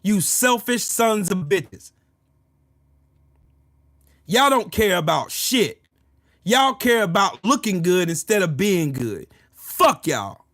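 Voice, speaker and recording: A livestream host delivers a heated, profane political rant, repeating himself and answering chat comments. His high-pitched voice swings widely, and he talks slowly with long pauses. His tone is fairly bright, and the studio-quality sound has no echo.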